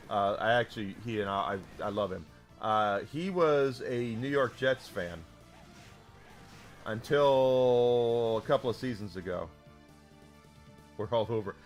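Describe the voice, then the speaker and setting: A man's voice: mid-range voice, fairly bright tone. Rambling man streaming a game. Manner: rambling storyteller, lots of restarts, swearing it's true. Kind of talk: casual chat while gaming, talking to chat. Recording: faint game music underneath.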